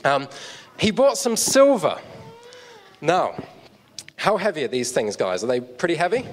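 A man's voice: a little high, huge pitch swings, a little slow. A man preaching a sermon on stage, telling a story with props and chatty asides to the audience. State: out of breath. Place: church hall stage. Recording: long hall reverb.

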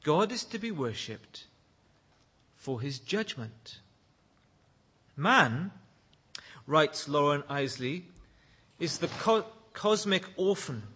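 A man preaching a sermon with a high, bright voice. He speaks slowly and earnestly, and swells to loud exclaims when he quotes lines of praise. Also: sing-song, breathy edge. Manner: leads prayer in a hushed, low voice.

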